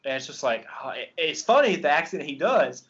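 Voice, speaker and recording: A man's voice: on the high side, very animated, a little fast, a bit bright. Rambling, eager man with muffled sound. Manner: enthusiastic, rambling with many ums. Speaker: podcast host. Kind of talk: casual film review chat.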